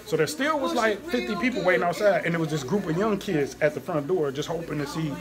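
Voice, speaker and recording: A man, a comedian, telling an animated story in an interview after a show, acting out voices and laughing often. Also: on the high side, fast talker. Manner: lively, acts out quoted voices, laughs often. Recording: busy crowd noise behind.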